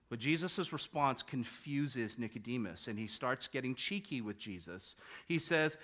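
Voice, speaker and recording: High-voiced male preacher, emphatic. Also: normal speed, fairly bright tone. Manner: emphatic, rhetorical questions. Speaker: pastor. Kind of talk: sermon.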